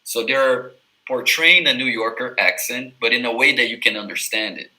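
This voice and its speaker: A man's voice: medium pitch, normal speed, pushed and bright, poor audio. A man from Miami, a native English tutor, talking loosely in a casual live chat, full of "like" and "you know". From Miami, USA.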